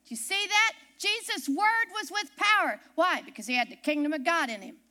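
High, bright-voiced woman preaching. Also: animated, normal speed. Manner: emphatic storytelling, repeats key phrases. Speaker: pastor. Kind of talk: sermon. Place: church, preaching from the pulpit.

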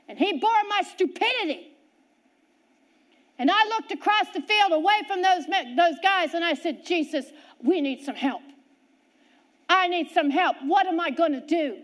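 A very high-pitched, middle-aged woman preacher delivers a sermon built around a personal story. Her delivery swings lively between loud and quiet.

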